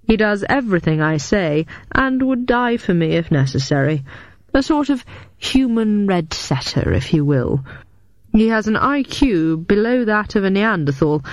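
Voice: mid-range voice, dry recording, pitched above the performer's own voice, close to an everyday voice. A narrator voicing a pompous, theatrical male master criminal who savours each wicked word. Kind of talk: audiobook character voice.

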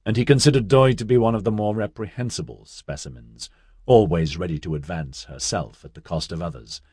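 Male audiobook narrator, low and husky, measured delivery, dry studio recording. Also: a little mellow, no echo. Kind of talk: scripted narration.

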